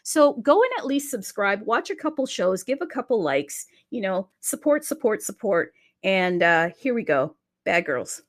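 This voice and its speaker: A woman's voice: mid-range voice, normal speed, hardly any pauses. Chatty woman hosting a crypto livestream. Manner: energetic, chatty, openly salesy. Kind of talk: promotional livestream talk.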